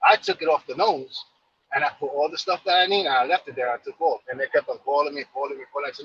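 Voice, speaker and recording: A man's voice: fairly high pitch, fast talker, lo-fi sound, a little hiss or hum. A man from New York casually telling a long, rambling story, full of fillers and repeated phrases.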